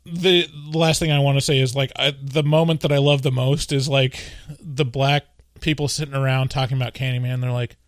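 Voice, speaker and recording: A man's voice: medium pitch, steady tone, dry recording, studio quality. A man co-hosting a casual podcast chat, joking and rambling as he talks. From US West Coast. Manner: jokey, rambling, quick to laugh. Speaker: podcast co-host.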